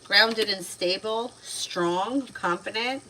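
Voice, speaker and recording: A woman's voice: medium pitch, slow pace, pushed and bright, slight background noise, low-quality recording. A woman in her thirties giving chatty, casual tarot readings on a livestream, laughing often as she talks. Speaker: tarot reader.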